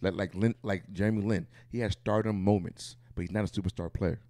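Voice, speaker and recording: A man's voice: low voice, brisk, no echo, studio quality. A man co-hosting a casual podcast, firmly insisting on his view and refusing to budge. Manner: firm, insistent, flatly disagrees. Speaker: podcast co-host. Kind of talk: casual chat.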